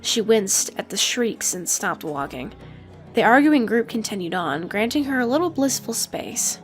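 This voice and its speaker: Expressive woman narrating an audiobook. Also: a little high, normal speed, faint music behind. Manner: expressive storytelling.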